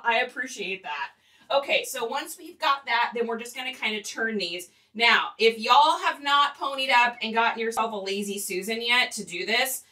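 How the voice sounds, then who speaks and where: A chatty, giggly woman leads a casual livestream tutorial and talks straight to her viewers. Her voice is high and bright. She sits a little back from the microphone. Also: recorded from a distance. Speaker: online reseller teaching on a livestream.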